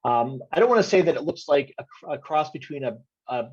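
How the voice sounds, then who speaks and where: A man narrating a tabletop game as game master, hesitant, with many pauses and ums while describing scenes. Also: on the high side, expressive, a little mellow, breathy edge. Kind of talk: narrating a tabletop game over video call. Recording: dull lo-fi audio.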